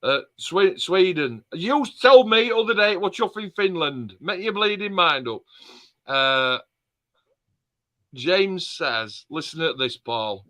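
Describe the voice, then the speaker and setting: Bright-voiced man bantering. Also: sits high, lively intonation, takes it slowly. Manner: banter, swearing and joking. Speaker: live stream co-host. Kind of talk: casual chat.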